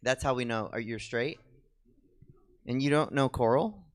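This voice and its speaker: With a mid-range voice and a slightly slow delivery, this comedy co-host rambles through a chatty stand-up style exchange with a theater audience, poking fun at himself along the way.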